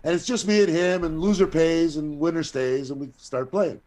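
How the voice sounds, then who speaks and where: A middle-aged man with a slightly high voice tells a rambling story in a loose, conversational way. He swears freely and slips into the voices of the people he quotes. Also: normal speed. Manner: profane, animated, acts out quoted voices. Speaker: guest storyteller. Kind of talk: casual anecdote telling.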